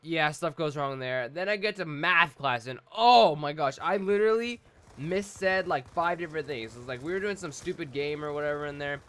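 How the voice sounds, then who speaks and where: A man's voice: a little high, moderate pace, clear, resonant tone. A teenage boy telling a rambling story about his school day in casual gameplay commentary. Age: teens. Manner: rambling storytelling, animated and chatty. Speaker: gaming commentator.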